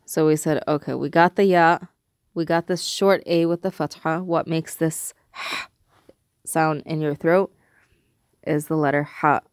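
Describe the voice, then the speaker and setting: Patient woman teacher, low and dry. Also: steady tone, smooth, dry recording. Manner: patient, explains step by step, repeats example words slowly. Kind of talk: recorded language lesson.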